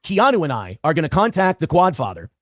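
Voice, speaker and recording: High, lively man with sarcastic delivery. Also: fast, no room sound, clean studio sound. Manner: sarcastic, mocking mimicry. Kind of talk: commentary in a played clip.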